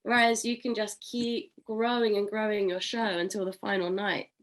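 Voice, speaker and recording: A woman's voice: mid-range voice, little pitch movement, normal speed. A young adult woman from England, an actress, chatting casually as an interview guest and laughing often.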